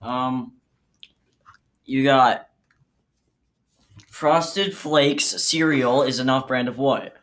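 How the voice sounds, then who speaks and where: Casual quiz asker, relaxed, hesitant, mid pitch. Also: extremely slow, pauses often. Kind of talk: casual game chat.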